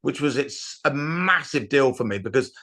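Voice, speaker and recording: A middle-aged comedian telling rambling anecdotes in a casual interview, with restarts and acted-out quotes. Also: male voice, mid-range voice, expressive, moderate pace, sharp tone. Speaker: comedian guest.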